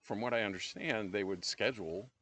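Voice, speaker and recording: A middle-aged man co-hosting a podcast, leading a Bible study in a relaxed, conversational way with frequent pauses. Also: lowish voice, a little hiss or hum. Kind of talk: casual Bible-study discussion.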